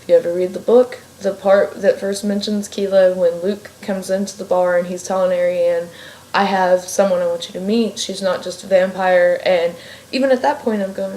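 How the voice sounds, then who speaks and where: In an echoey home room with faint ambient noise, an Ohio fiction writer vlogs casually, rambling, getting sidetracked and swearing freely. Her mid-range voice is darkish, with fairly even intonation and a moderate pace.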